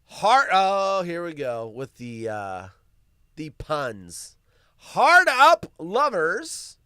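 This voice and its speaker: A man's voice: fairly high pitch, clean tone, dry recording, studio quality. A man hosting a live stream, riffing on news stories with wisecracks and swearing. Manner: animated and wisecracking, swears freely. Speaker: livestream host. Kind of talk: casual live-stream commentary.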